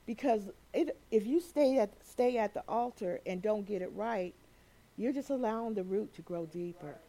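A woman preaching a sermon, animated and laughing as she acts out quoted voices. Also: mid-range voice, moderate pace.

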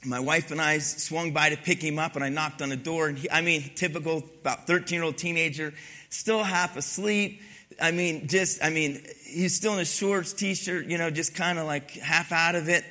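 A middle-aged male pastor preaching a sermon, telling a story with lively raised quoted lines before reading scripture. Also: on the high side, normal speed.

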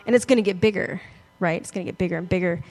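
A woman's voice: on the low side, rapid-fire, darkish tone. A woman pastor giving a conversational, self-deprecating sermon, often laughing as she talks.

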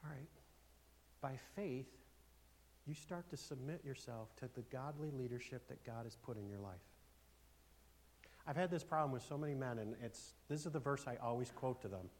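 A man's voice: mid-range voice, brisk. Emphatic preacher man, faint hiss. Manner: emphatic, asks the congregation for amens, swings from loud to hushed. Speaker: pastor. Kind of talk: sermon. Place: church.

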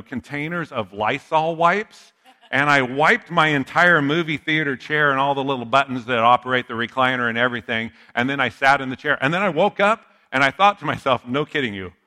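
A man's voice: medium pitch, brisk, bright, forceful tone. A man preaching a sermon as a pastor, talking conversationally and telling stories with asides to the listener.

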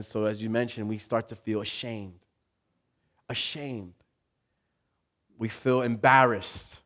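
Male pastor, sermon delivery, animated and expressive, acts out inner voices, mid-range pitch. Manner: repeats words and restarts, laughs with the congregation.

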